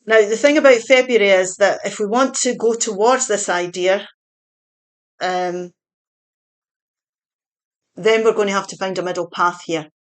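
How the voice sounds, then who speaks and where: A woman's voice: medium pitch, fairly even intonation, unhurried, long pauses. A woman giving a spoken tarot reading in a chatty, reassuring way, now and then correcting herself mid-sentence. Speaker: tarot reader.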